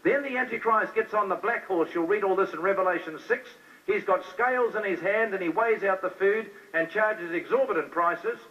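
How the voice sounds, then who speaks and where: His voice sits high, pushed and bright, moving at a moderate pace with hardly any pauses. It's a fiery, fervent sermon full of rhetorical questions put right to the congregation, heard through a dull, distant lo-fi recording.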